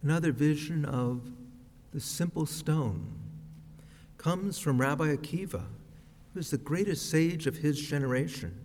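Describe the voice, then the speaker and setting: A man preaching a sermon as a rabbi, with a slow, measured, reflective delivery. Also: on the high side, a little mellow. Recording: long reverb of a large hall.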